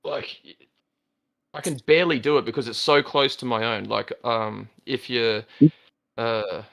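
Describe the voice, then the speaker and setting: A man with a broad Australian accent chatting casually, speaking haltingly with many pauses and fillers. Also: mid-range voice, fairly even intonation, vocal fry, fairly bright tone. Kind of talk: casual chat.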